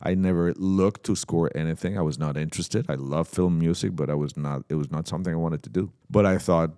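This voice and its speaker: A man's voice: deep voice, fairly quick, smooth, no room sound, clean studio sound. A middle-aged man from Mexico, a guest telling stories in a casual interview and acting out the dialogue. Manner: animated storyteller who acts out dialogue. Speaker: guest musician. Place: podcast set at a trade show.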